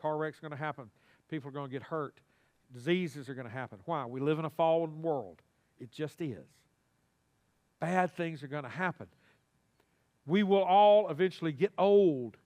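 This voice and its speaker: A male pastor delivers a sermon in a church sanctuary. His voice sits high for a man, and his delivery is animated and folksy, often calling on the congregation to respond. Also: normal speed, pauses often.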